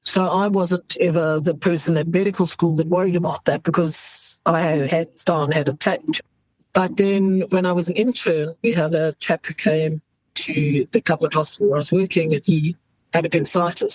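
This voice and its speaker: A husky, low-sitting female voice belongs to a South African emergency doctor in her fifties who talks candidly in an interview and acts out what people say. The audio is poor but has no echo.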